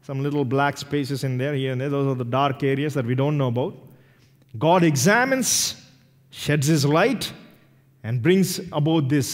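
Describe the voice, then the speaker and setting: A male pastor preaching a sermon with animated delivery, acting out little quoted voices as he goes. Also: mid-range voice, a little slow. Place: church sanctuary. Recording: long hall reverb in a church.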